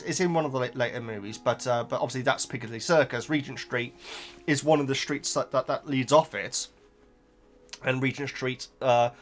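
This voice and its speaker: A man's voice: on the high side, fairly bright tone. Rambling man chatting to viewers. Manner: rambling, stammering repeats, frequent asides. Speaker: book reaction host. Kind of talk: casual chat to viewers.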